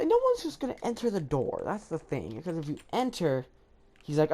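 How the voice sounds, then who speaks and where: A woman giving chatty, rambling commentary over her own gameplay, thinking aloud with lots of fillers and sudden bursts of excitement. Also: fairly low pitch, a little fast. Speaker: gaming video creator.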